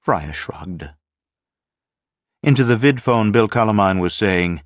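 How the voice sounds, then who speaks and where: Male audiobook narrator, deep, measured delivery; dull, dry recording. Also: dry recording. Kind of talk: audiobook reading.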